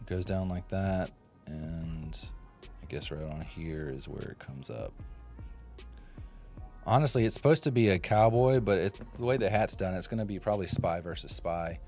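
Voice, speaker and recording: A man's voice: low-pitched, normal speed, a little mellow, soft background music. A man in his forties chatting casually and jokingly with viewers while carving on a phone live stream in his home workshop. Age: 40s. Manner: joking, rambling, chats with viewers' comments. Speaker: woodcarving livestreamer. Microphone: phone propped up.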